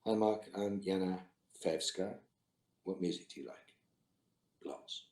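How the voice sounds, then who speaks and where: A man's voice: low voice, measured pace, darkish tone. A middle-aged man, an actor on a virtual fan Q&A, reading out fan questions and answering with dry, terse quips over a video call. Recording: roomy echo.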